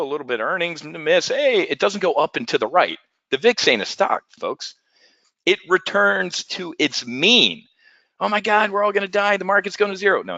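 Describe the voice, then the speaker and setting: Folksy, animated man hosting a trading webinar. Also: medium pitch, no room sound, lo-fi sound. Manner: folksy, animated, jokey salesman patter.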